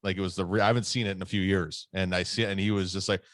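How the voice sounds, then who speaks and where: Low-voiced man telling a rambling story. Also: level tone, racing, fairly bright tone, no echo, clean studio sound. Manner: rambling, lots of fillers and swearing. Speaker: podcast co-host. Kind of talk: casual storytelling chat.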